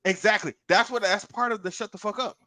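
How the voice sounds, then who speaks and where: A man's voice: high voice, brisk, dry recording. A middle-aged man in casual podcast chat, giving advice and repeating himself as he talks. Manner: animated, repeats words, gives advice. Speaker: podcast co-host.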